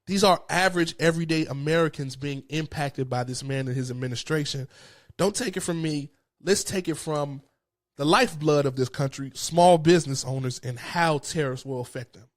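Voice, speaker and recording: A man's voice: on the high side, normal speed. A man hosting his own show, giving a passionate, frustrated political commentary. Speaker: host.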